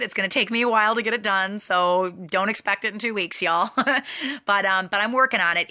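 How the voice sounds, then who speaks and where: A woman leads a motivational training session. Her voice is bright and forceful, and her pitch sits in the middle range. She hammers her points home by repeating key phrases. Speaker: network marketing trainer.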